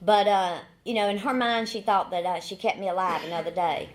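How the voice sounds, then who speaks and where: A woman in her forties with a Southern accent speaks briskly in a steady, mid-range voice. As an AA speaker, she shares her recovery testimony in a folksy way, repeating phrases and adding dry humor.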